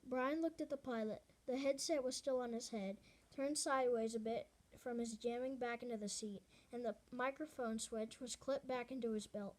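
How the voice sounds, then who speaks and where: A woman reads a novel aloud in a fairly high voice. Her delivery is earnest and unpolished, and she often stumbles, restarts and corrects herself mid-sentence. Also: fairly even intonation, moderate pace, few pauses, darkish tone. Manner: earnest reading with frequent restarts and self-corrections. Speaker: reader.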